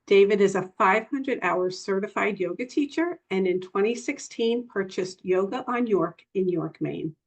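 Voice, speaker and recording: A woman's voice: medium pitch, normal speed, few pauses, lo-fi sound. A woman moderating an online session, reading a polite, formal introduction of the speaker over a video call.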